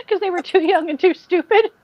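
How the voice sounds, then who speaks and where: A woman's voice: very high-pitched, normal speed, dry recording. Woman podcast host, chatty storyteller, dull lo-fi recording. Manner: animated storyteller, mimics people she describes. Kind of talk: casual chat.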